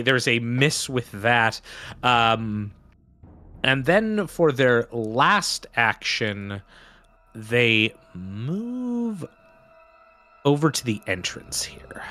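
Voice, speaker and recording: A man narrating combat as game master in a tabletop game, in vivid, unhurried descriptions. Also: mid-range voice, sing-song, bright, forceful tone, soft background music.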